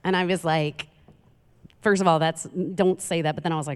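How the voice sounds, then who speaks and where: A woman's voice: lowish voice, steady tone, brisk, clear, resonant tone. A woman from Queens, preaching a humorous sermon as a guest speaker with chatty, self-deprecating storytelling. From Queens, New York. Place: church sanctuary. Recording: long hall reverb.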